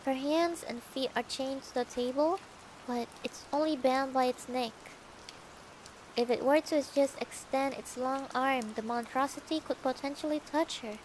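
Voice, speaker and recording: Young woman streamer reading a novel out loud, high voice, slow and playful. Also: a little hiss or hum, low-quality recording. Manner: playful, comments and giggles between passages. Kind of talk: casual storybook reading with asides.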